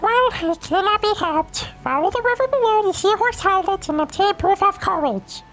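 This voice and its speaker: Squeaky, haughty old creature sage. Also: male voice, moderate pace, fairly bright tone, faint music behind. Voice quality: squeaky high put-on voice. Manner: haughty, stately and condescending. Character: pompous old male Nopon sage, tiny creature. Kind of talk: reading game dialogue in voices.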